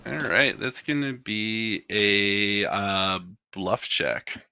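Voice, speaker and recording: A man's voice: on the low side, extremely slow, pushed and bright, dull audio, slight background noise. A man narrating as game master of a sci-fi tabletop game, describing scenes with many fillers.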